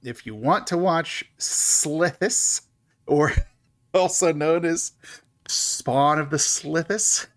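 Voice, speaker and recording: Speaking slowly in a slightly high voice, a man co-hosts a podcast, talking casually about a horror movie. The conversation is a relaxed review, and he laughs often.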